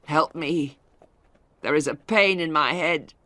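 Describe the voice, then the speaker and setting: A woman voicing a stern aging father who owns a mill, with a gruff manner. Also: low-pitched, slow pace, fairly bright tone, dry recording. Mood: weak. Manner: gruff, sinks to a faint whisper.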